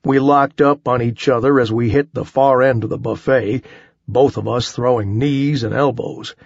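A man narrates a first-person action story in a measured, wry voice. His tone is gravelly and a little husky. It is recorded close and dry, with a dull, slightly muffled sound. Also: medium pitch, fairly even intonation, no room sound. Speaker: audiobook narrator.

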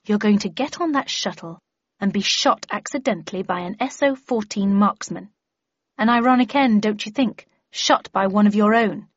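A woman's voice: medium pitch, no room sound, lightly acted. Smug young villainess, cold and scheming, dry muffled recording, as a woman reader puts her on. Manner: smug, menacing, measured.

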